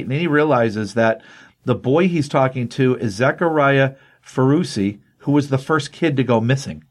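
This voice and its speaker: A man hosts a casual talk show and walks through a comic's plot scene by scene. He slips into the characters' dialogue as he goes, and "um" and "like" pepper his speech. His voice sits at an ordinary middle pitch. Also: moderate pace. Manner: animated retelling that acts out the dialogue, with many fillers. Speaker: podcast co-host. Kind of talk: casual comic-book recap.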